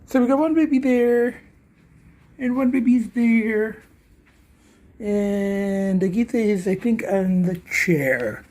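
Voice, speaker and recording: A man's voice: sits high, slow pace, darkish tone. An older man chatting casually in a vlog, rambling with lots of fillers and restarts, talking from inside his car. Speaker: vlogger. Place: inside a car at a tire shop.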